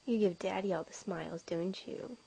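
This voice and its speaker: A woman's voice: medium pitch, moderate pace, gravelly, dark tone, husky. A young mother at home, cooing teasing sing-song baby talk to her infant while filming on a handheld camera. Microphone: handheld camera mic.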